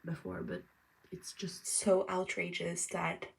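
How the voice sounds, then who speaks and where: A tired woman from France chatting casually as she gets ready, rambling and now and then dropping to a soft whisper. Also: lowish voice, flat delivery, slow pace, vocal fry. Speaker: vlogger. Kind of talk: casual get-ready-with-me chat. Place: at home getting ready. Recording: distant mic, faint room ambience.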